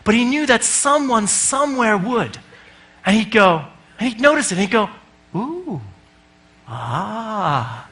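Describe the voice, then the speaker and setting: Lively male speaker, high and bright, jokey, swears freely. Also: moderate pace. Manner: animated, swears freely, acts out voices. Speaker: conference speaker. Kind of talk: comic conference talk.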